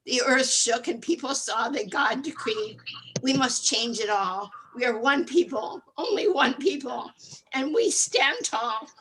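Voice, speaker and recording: An older woman reads her own poem aloud over a video call. Her voice sits high and her pace is unhurried. She reads earnestly, with feeling and a strong rhythm. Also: animated, sharp tone, a little hiss or hum, poor audio. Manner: emotional, earnest, rhythmic reading. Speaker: open mic poet.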